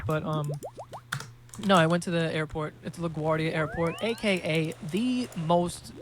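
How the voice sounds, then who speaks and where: A man's voice: a little high, fairly bright tone, a little hiss or hum. A young man hosting a podcast, telling rambling, profane, joking stories in casual chat. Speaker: podcast host.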